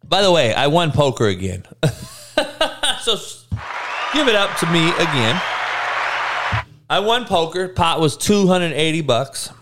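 A hungover man hosting a casual live stream, reading chat with slow, monotone, profane and blunt talk. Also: on the high side, crowd noise, noisy background. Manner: crude, blunt trash talk with frequent swearing. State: hungover, sluggish.

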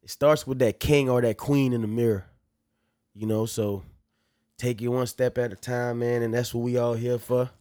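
A man's voice: medium pitch, level tone, normal speed, dark tone, no echo, clean studio sound. A man with a Louisiana accent hosting a casual podcast, joking and slangy. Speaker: podcast host.

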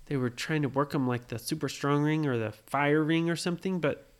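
A woman telling an improvised bedtime story to a child, animated and often pausing to ask what happened next. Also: sits low. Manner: animated, asks questions to draw the listener in.

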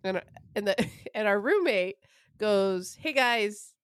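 A woman's voice: mid-range voice, animated, slow pace, clean tone, dry recording. Rambling, profane woman telling a story. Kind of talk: casual storytelling chat.

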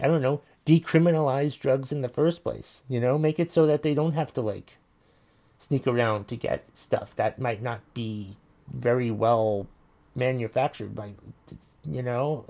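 A podcast host reads out listener messages on his casual commentary show, ranting bluntly and swearing as he reacts. His voice sits at a medium pitch with a darkish tone and some vocal fry.

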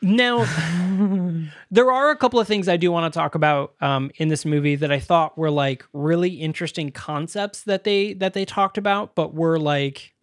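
Podcast co-host, male, high-ish voice, dry close sound, exasperated laugher. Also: normal speed, dry recording. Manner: laughing, exasperated, swears freely. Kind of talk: casual movie review chat.

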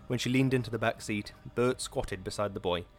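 A man narrating an audiobook in a measured, dramatic reading. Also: on the low side, soft background music. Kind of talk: scripted narration.

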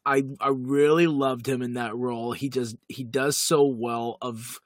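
A man's voice: mid-range voice, steady tone, unhurried, no room sound, studio quality. Enthusiastic man talking TV favorites. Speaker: podcast co-host. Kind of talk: casual chat about TV.

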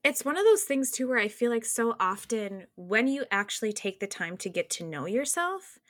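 Bright upbeat woman podcast host. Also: fairly high pitch, big pitch swings, moderate pace, no room sound, clean studio sound. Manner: upbeat, laughs often, emphatic. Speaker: podcast host and business coach. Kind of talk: casual podcast conversation.

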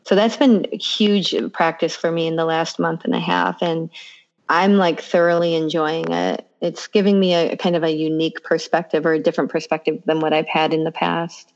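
Low-voiced woman chatting casually. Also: normal speed, muffled recording. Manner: relaxed, encouraging, rambling with fillers. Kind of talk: casual conversation.

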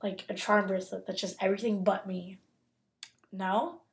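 A woman's voice: mid-range voice, level tone, normal speed, vocal fry. A woman co-hosting a podcast, chatting casually and often trailing off mid-thought. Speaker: podcast co-host. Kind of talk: casual chat about a TV show.

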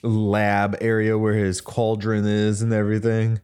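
Guy talking slow and easy on a podcast, mostly just chiming in. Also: fairly low pitch, completely flat delivery, darkish tone, clean tone. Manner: laid-back, brief agreeing remarks. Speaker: podcast co-host. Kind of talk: casual chat about a TV episode.

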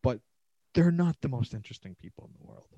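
A man's voice: medium pitch, lively intonation, fast talker, mellow, slightly rough, no room sound, muffled recording. Profane rambling male podcast host. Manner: profane, rambling, sarcastic rants. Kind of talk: solo rambling podcast monologue.

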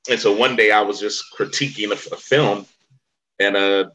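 A Vallejo man from California's Bay Area, an actor appearing as an interview guest, tells stories in a casual, rambling way full of fillers and restarts. His voice is fairly low and steady, at a normal speed, with a bright, forceful tone. The low-quality recording has slight background noise.

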